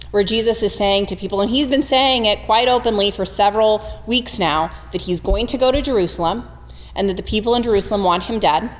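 A woman preaching a conversational, humorous sermon, retelling scripture with animated storytelling. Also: mid-range voice, long reverb tail.

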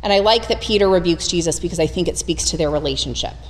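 A woman preaching a conversational, humorous sermon, retelling scripture with animated storytelling. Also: lowish voice, fast talker, big-room sound, slight background noise.

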